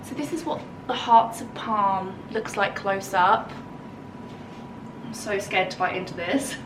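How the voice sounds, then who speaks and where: A woman's voice: mid-range voice, a little slow, recorded from a distance, background noise. A woman with an English accent chatting casually in a home vlog, bubbly and thinking aloud as she tastes food, then tidies the garden. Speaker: lifestyle vlogger.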